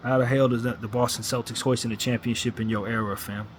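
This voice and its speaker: A man's voice: medium pitch, steady tone, fast, a little hiss or hum. A man ranting as a sports fan commentator, blunt and frustrated, hammering his points with repetition.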